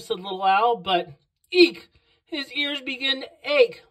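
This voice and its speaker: A woman reading a picture book aloud to children, slow and expressive on the sound words. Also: mid-range voice, low-quality recording. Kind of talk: read-aloud storytelling for children.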